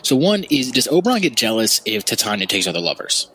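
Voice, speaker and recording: Man, podcast co-host, casual chat, animated storyteller, lively swinging pitch. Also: fast, husky, poor audio. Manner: animated storyteller, builds long scenarios.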